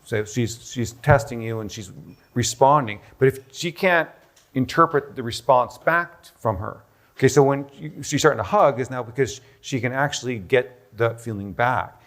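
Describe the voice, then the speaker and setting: A man giving an explanatory talk on stage in a busy room. He lectures at an even, mid pitch and thinks out loud as he goes. He keeps checking in with his listeners by saying "okay?". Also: moderate pace. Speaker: doctor presenting a health protocol. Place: busy room with a live audience.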